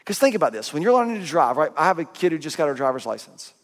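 Animated man preaching in a big hall. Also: a little high, fast. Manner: animated storytelling, with self-mocking humor and voiced asides. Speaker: pastor. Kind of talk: sermon. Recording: long reverb of a big hall.

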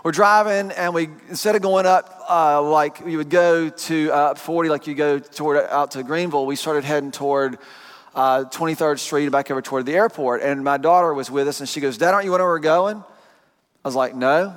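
A man preaching a sermon, telling a personal story in an animated, joking way to his congregation. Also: a little high, fairly quick, clean tone. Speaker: pastor. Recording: long hall reverb.

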